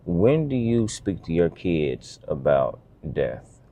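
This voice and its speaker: A man's voice: deep voice, sing-song, slow, mellow. A man telling a heartfelt family story as a father in a casual vlog, earnest and emotional, often restarting his sentences.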